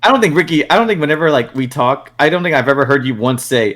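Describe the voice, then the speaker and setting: A young man hosting a casual podcast chat, telling animated stories, acting out his friends' lines and laughing often. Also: mid-range voice, fast talker, hardly any pauses. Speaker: podcast host.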